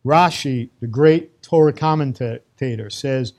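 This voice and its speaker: A middle-aged Brooklyn man with a New York accent, a Torah teacher, gives an emphatic yet conversational religious lecture on Torah, mixing in Hebrew terms. His voice is fairly high and a little mellow, and he speaks at a moderate pace.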